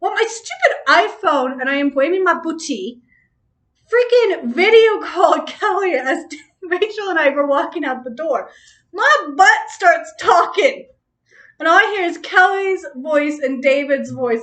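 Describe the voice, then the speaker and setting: A woman's voice: extremely high pitch, lively intonation, measured pace, a bit bright. A woman hosting a casual chat, telling a story with frequent laughter and free swearing. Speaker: host.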